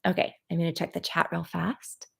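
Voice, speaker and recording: A woman leading a live guided tapping session, talking in a gentle, encouraging way with many pauses and fillers. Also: on the low side, monotone, gravelly, breathy edge. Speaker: EFT tapping practitioner.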